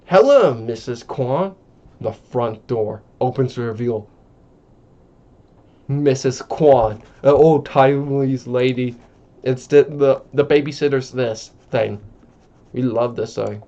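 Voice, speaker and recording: Slow casual man reading a script. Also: medium pitch, steady tone, warm tone. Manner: offhand, swearing asides. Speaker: channel host reading a screenplay. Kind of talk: casual comedic script read-through. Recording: dull lo-fi.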